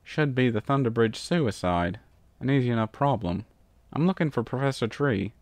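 A man voicing a terse, low-voiced stallion pony private detective with an Australian accent. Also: lively intonation, moderate pace, darkish tone, no echo, natural voice.

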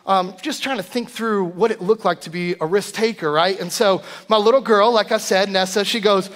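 A man in his thirties preaching a sermon, an animated storyteller who acts out his family's voices. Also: high voice, moderate pace. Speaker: guest preacher. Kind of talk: sermon with personal stories. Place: church sanctuary. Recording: long church hall reverb.

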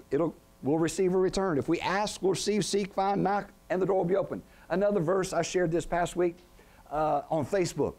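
A middle-aged man pastor preaching a sermon in a tent, often pausing to let the congregation finish his lines. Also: sits high, a little mellow. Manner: call-and-response questions to the congregation.

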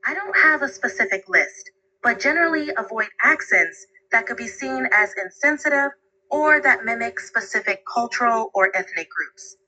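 A synthetic woman's voice of an AI assistant, answering in an upbeat, polite and even way. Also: fairly high pitch, moderate pace, slight background noise, low-quality recording. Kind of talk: conversational assistant replies.

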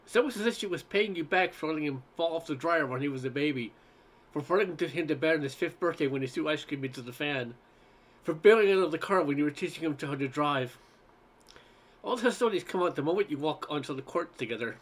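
A man reading a humorous essay aloud in a wry, expressive storytelling manner. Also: on the high side, fast talker.

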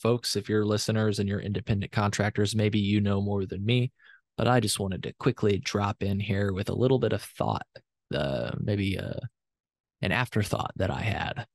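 A male podcast host with a fairly low voice talks through his thoughts, circling back and correcting himself often. The sound is dry and close, with no room around it. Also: normal speed, vocal fry, dry recording. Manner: rambling, self-correcting, hedging. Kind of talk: conversational interview and recorded aside.

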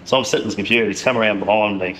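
A low-voiced Australian man hosts a podcast, rattling through matey chat full of swearing. He talks quickly. His voice echoes around the room, with faint ambience underneath. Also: noisy background. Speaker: podcast host. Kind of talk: casual chat.

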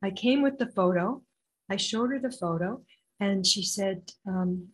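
An older woman, an intuitive healer being interviewed, telling her story in an animated way and acting out the voices of others. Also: medium pitch, unhurried, husky, low-quality recording.

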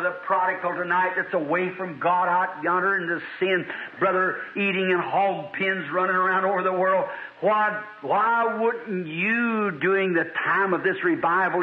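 A man's voice: high-pitched, slight background noise. A man preaching a revival sermon, telling a story in a fervent, folksy way. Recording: tinny archival hall recording.

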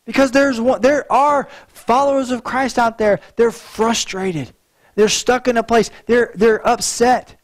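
A man's voice: extremely high pitch, steady tone, unhurried. A male pastor preaching a sermon in an earnest way, often repeating words as he restarts a thought.

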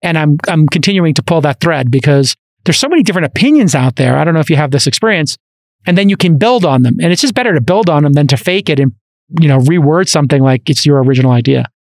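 A man's voice: on the high side, fast, dry recording. Chatty Brooklyn man, dry studio mic. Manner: animated, talkative, many fillers and restarts. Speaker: podcast host. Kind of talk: casual interview chat. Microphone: studio microphone.

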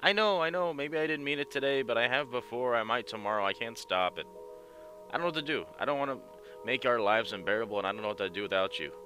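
A man's voice: lowish voice, rapid-fire, pushed and bright. A man voicing an anxious, volatile young woman in love, pleading and near tears, with game music underneath. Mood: pleading, distraught.

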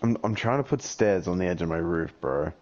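A man's voice: sits low, lively intonation, fairly quick, a little mellow, lo-fi sound, slight background noise. A young man chatting with a friend during a game, joking, swearing freely and trailing off in mumbles. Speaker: friend on stream. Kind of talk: casual gaming chat.

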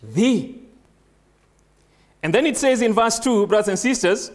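A man with a high voice preaches a sermon in English, which is not his first language. He reads scripture slowly and leans hard on single words. He often asks the congregation questions and then answers them himself. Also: lively intonation. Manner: slow, emphatic reading of scripture, stressing single words.

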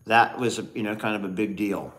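A man's voice: lowish voice, steady tone, brisk, a bit bright, slight background noise. Middle-aged man telling a family story. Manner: reflective, storytelling, thanks viewers. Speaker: livestream co-host. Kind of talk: casual livestream chat.

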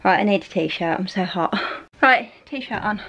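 A woman's voice: mid-range voice, animated, moderate pace, fairly bright tone, slight background noise, rough recording. A woman, chatting to the camera at home while doing chores. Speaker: vlogger, mother. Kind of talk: casual vlog chat. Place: family home.

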